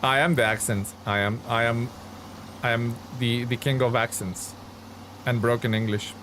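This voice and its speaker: A man's voice: mid-range voice, fairly even intonation, normal speed, noisy background. A young man streaming a driving game, chatting casually and answering viewers' comments as he plays. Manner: chatty, reads chat aloud and answers viewers.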